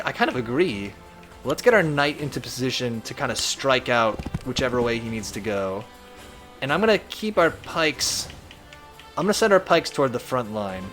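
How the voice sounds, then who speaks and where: A man's voice: medium pitch, a bit bright. A man streaming a strategy game in casual, playful commentary, reading chat messages aloud as he plays.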